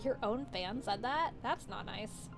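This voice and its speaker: Run Run, a woman doing a soft-spoken lounge host. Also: on the high side, unhurried, vocal fry, over music, pitched below the performer's own voice. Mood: gentle. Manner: soft, courteous, attentive. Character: calm, polite young woman running a hookah lounge.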